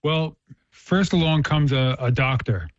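A man's voice: fairly high pitch, measured pace, no room sound. A man in casual conversation, earnestly telling a parable and explaining ideas, often restarting his phrases and acting out the quoted lines. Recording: dull dry lo-fi sound.

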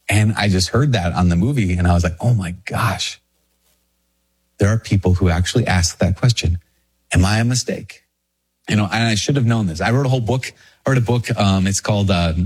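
A middle-aged man, a priest, giving a conversational podcast homily with lively, energetic delivery, now and then jumping into pitched-up quoted voices. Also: slightly rough.

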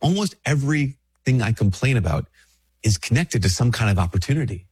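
A man's voice: medium pitch, expressive, a little fast, darkish tone, breathy edge. A male Catholic priest, a bit sick with a stuffy nose, giving a casual spiritual talk in a conversational way, often restarting his sentences. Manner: conversational, with frequent restarts and fillers.

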